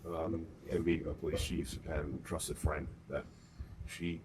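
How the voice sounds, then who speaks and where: A middle-aged man, a guest on a podcast, talking in a measured, hesitant way with frequent "uh" and "um". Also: a bass voice, little pitch movement, noisy background. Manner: measured, hesitant, many uhs and ums. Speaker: guest, host's partner. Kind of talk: casual conversation.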